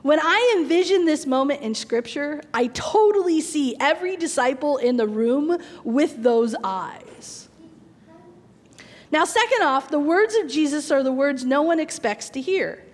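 A woman pastor delivers a sermon in a church, high-voiced and full of lively pitch swings. She tells stories with animation and laughs at her own jokes. Long reverb fills the hall. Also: unhurried. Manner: animated storytelling, laughs at punchlines.

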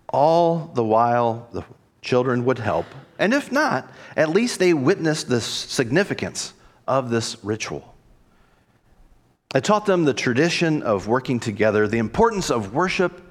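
A man, a pastor, delivering a reflective sermon and voicing quoted dialogue expressively. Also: mid-range voice.

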